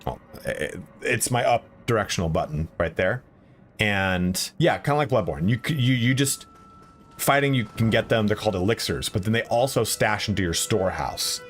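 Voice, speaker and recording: A man's voice: fairly low pitch, normal speed. A man streaming a video game, chatting casually with viewers and swearing when the game beats him. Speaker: gaming streamer. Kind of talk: casual live-stream commentary while playing. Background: faint game music.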